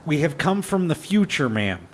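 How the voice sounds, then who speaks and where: A man's voice: on the high side, big pitch swings, moderate pace, slight background noise. A man voicing a polite, formal time-traveler leader in a tabletop role-play. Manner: formal, addresses people as ma'am and sir.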